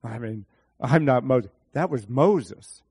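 A man preaching a sermon, animated, speaking to his congregation by name and acting out Bible scenes in different voices. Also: mid-range voice, takes it slowly, slightly rough.

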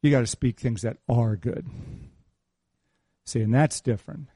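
A man's voice: medium pitch, a little slow, dark tone, slightly rough, dry recording, studio quality. A man, a pastor, preaching an informal sermon in a conversational way, repeating key phrases for emphasis and slipping in teasing asides to people in the congregation.

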